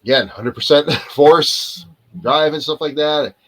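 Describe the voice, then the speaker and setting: Guesting on a live interview over video call, this man speaks in a slightly bright, higher-leaning voice at a measured pace. He's an actor telling casual stories, wandering off on tangents, frequently losing the thread and circling back, all on a low-quality recording.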